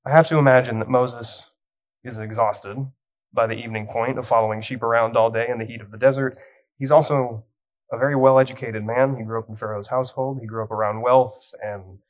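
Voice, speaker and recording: A young youth pastor with a mid-pitched voice preaches a sermon, telling the story with light humor and reading scripture with dramatic weight. The audio quality is poor.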